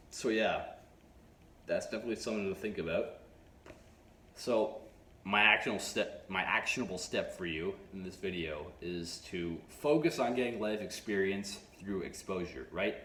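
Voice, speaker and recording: Deep-voiced man giving halting advice. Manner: halting, frequent restarts and stutters; unhurried, measured pauses. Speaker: self-improvement channel host. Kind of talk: advice monologue to camera. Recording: echoey room with faint noise.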